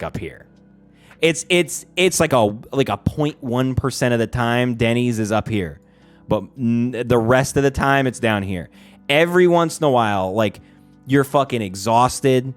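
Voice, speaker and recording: A man talks off the cuff on a livestream in a mid-pitched voice. He rambles, swears often and fills his sentences with "like", circling back to restart his thoughts. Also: animated, moderate pace, soft background music. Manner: rambling and profane, heavy use of "like". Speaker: streamer. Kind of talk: casual livestream chat.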